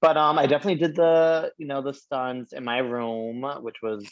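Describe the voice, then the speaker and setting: A drag performer from Brooklyn, chatting in a sassy, slangy way and laughing often. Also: male voice, medium pitch, little pitch movement, normal speed, dull audio. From Brooklyn, New York. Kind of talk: casual podcast chat.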